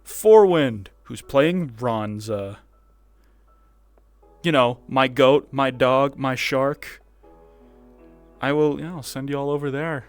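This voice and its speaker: Chatting loosely with viewers during a casual VR roleplay stream, a man laughs to himself as he rambles. His mid-range voice is clean and slow with frequent pauses, there's no room sound, and faint music plays underneath.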